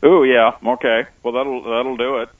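Man, explorer guest, relaxed storyteller, lots of uh fillers, tinny dry phone line. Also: medium pitch, normal speed, no echo. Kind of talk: radio interview over a phone line. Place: on location, not in studio.

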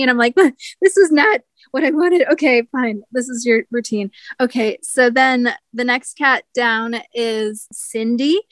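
Giggly high-voiced young woman, dry sound. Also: a bit bright, no room sound. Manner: giggly, chatty, imitates cat sounds in high squeaks. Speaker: guest. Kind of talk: casual interview chat.

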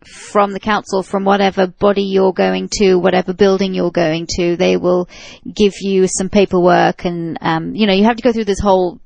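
A woman's voice: medium pitch, little pitch movement, moderate pace, vocal fry, hardly any pauses, darkish tone, no echo. A jet-lagged woman co-hosting a podcast, chatting in a giggly, punch-drunk way. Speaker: podcast co-host. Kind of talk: casual chat.

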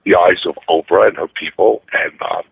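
A man's voice: deep voice, normal speed, gravelly, slightly rough, dry recording. A man, talking earnestly and streetwise as a guest, often laughing. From Brooklyn, New York. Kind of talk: casual interview chat. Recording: dry tinny phone-like line.

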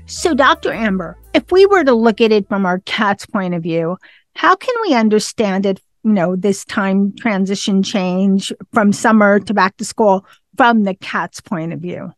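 A woman's voice: mid-range voice, lively intonation, unhurried, dry recording, faint music behind. A woman hosting a pet podcast, asking questions in a chatty, conversational way. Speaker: podcast host. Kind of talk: casual interview chat.

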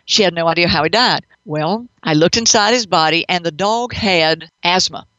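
A woman hosting a radio show as a pet psychic, telling stories in an animated, chatty, matter-of-fact way. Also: on the low side, normal speed, dry recording, dull audio. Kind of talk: radio storytelling.

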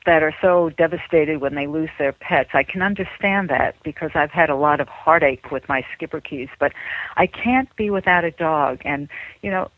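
An older call-in listener heard over a narrow, tinny telephone line. The voice sits at a middling pitch and sounds dry. The speaker rambles agreeably with plenty of fillers. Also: normal speed, dry recording.

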